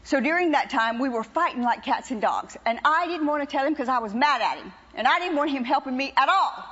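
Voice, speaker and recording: Older woman, high-pitched testimony preacher, animated and wry, dull lo-fi church recording. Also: brisk, in a large hall. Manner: animated, teasing, wry storytelling. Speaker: preacher's wife giving testimony. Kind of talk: sermon testimony to a congregation.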